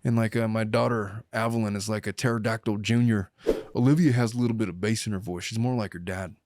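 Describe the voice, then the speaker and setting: A man's voice: lowish voice, quick pace, background noise. A middle-aged man hosting a podcast, chatting casually and telling jokey stories from his family and law work. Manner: joking, animated storyteller. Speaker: podcast host, lawyer.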